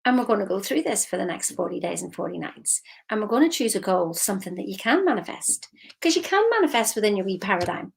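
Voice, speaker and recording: A woman mindset coach giving a lively, emphatic motivational talk straight to her viewers. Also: medium pitch, quick pace, creaky, a little hiss or hum. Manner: lively, emphatic, slips into quoted voices.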